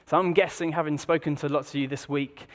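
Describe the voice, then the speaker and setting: A man preaching in a relaxed, conversational way, fairly high in pitch, often turning to the congregation with rhetorical questions. His voice carries a long reverb, as in a large church hall. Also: fast. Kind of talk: sermon.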